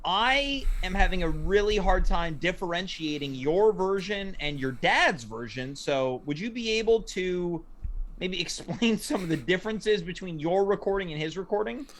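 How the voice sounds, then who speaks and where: A male talk-show host with a high voice conducts a comedic interview. He stays polite and earnest and keeps a straight face as he presses for details. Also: expressive, moderate pace, fairly bright tone.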